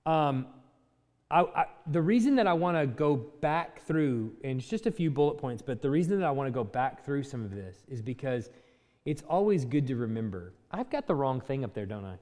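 A man teaching a Bible class from slides, talking in a conversational way and thinking aloud with fillers and quick self-corrections. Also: medium pitch, big pitch swings, darkish tone, long reverb tail.

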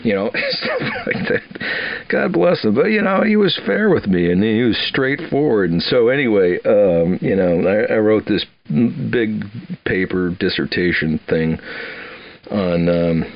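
A man's voice: fairly low pitch, lively intonation, a little slow, vocal fry, no room sound, dull audio. An older man from Wisconsin telling his life story casually, rambling and repeating words with frequent chuckles.

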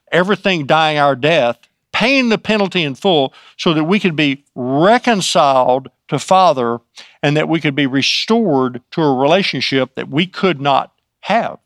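A man's voice: on the high side, fairly bright tone, dry recording, studio quality. A man teaching from the Bible in an informal way. He adds his own asides as he retells scripture.

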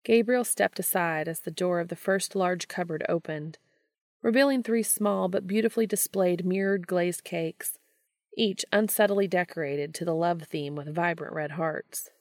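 A woman reading fan fiction aloud in a steady, low-key storytelling manner. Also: normal speed, dry recording, studio quality. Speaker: podcast reader.

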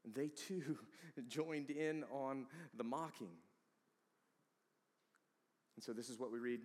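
A man preaching a sermon with dramatic swings from hushed, whispered passages to loud, emphatic peaks. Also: medium pitch, steady tone, takes it slowly. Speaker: pastor. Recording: long hall reverb.

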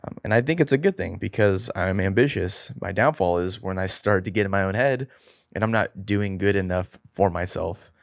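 Candid man on a podcast, low voice, self-deprecating, dry mic. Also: normal speed, gravelly, no room sound. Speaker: podcast co-host. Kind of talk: faith podcast discussion.

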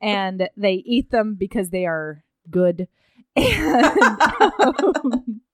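A woman's voice: medium pitch, big pitch swings, drawn-out words, no echo. A woman co-hosting a casual book chat, retelling scenes animatedly with quoted lines and frequent laughter. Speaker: podcast co-host.

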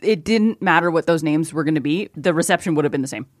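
A woman's voice: deep voice, quick pace, no echo. A woman guesting on a podcast in a studio, blunt and opinionated, swearing freely in casual chat. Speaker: guest co-host.

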